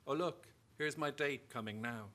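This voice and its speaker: A man with an Irish accent voicing a wry, deadpan young woman in a live story reading. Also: medium pitch, normal speed, lightly acted. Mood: breezy. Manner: deadpan teasing.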